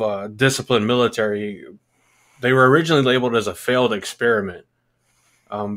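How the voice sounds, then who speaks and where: Brief: deeper-voiced man hosting a chatty podcast, explains things loosely, swears casually. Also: a bit bright. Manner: rambling, casually profane, explanatory. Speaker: podcast co-host. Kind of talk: casual chat.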